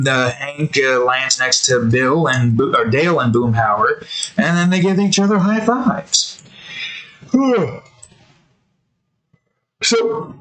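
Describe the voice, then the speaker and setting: A man's voice: fairly high pitch, a bit bright, poor audio. A man hosting a drawing video, telling loose, meandering stories in a casual, slangy way with lots of self-corrections. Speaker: digital artist and channel host. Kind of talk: casual rambling commentary while drawing.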